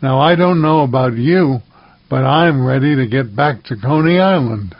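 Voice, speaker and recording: A man's voice: mid-range voice, moderate pace, highs cut off, slight background noise. A man hosting a storybook reading for children, in a dramatic, declamatory reading style. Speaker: storyteller host.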